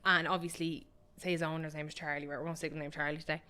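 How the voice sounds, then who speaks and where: A woman's voice: deep voice, flat delivery, rapid-fire, pushed and bright, smooth. A woman co-hosting a podcast in casual chat, telling stories animatedly and swearing freely. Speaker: podcast co-host.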